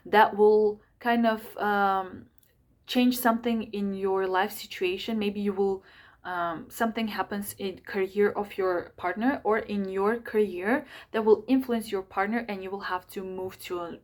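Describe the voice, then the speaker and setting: Woman astrologer with a voice, rushed and full of ums and restarts, mid-pitched. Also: fairly even intonation. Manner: hurried, full of fillers and self-corrections. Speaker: astrologer giving monthly sign readings. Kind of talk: casual rushed talk to camera.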